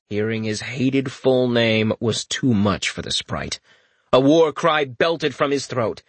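A man narrating a fantasy audiobook in an expressive storytelling manner. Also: medium pitch, slow pace, no room sound.

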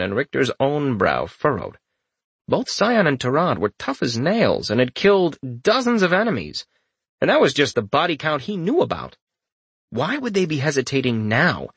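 In a husky, mid-range voice, a man expressively narrates a fantasy audiobook at a moderate pace, with no echo in the recording.

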